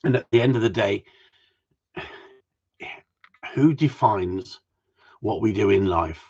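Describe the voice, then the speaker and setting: A man's voice: on the low side, normal speed, a little mellow, breathy edge. A man hosting a live stream, chatting in a cheeky, sweary, rambling way that jumps between topics. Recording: dull lo-fi stream audio.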